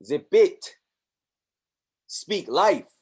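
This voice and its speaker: Casting: male motivational speaker, fairly high voice, lively and preachy. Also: drawn-out words, husky. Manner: preachy and animated, acts out voices in his stories. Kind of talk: motivational talk.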